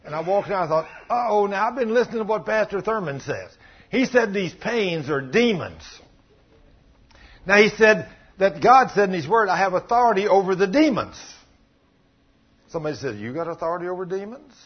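Man, pastor, high husky voice, animated sermon storytelling, muffled lo-fi recording. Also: moderate pace. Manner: storytelling preacher, acts out quoted voices, rises to sudden loud exclamations. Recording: muffled lo-fi sound.

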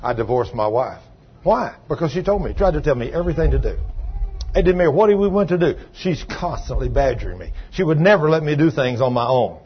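An older man preaching a sermon in a folksy way, husky, swinging from soft asides to loud calls. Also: a little high, expressive, fast. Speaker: pastor. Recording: dull lo-fi sound.

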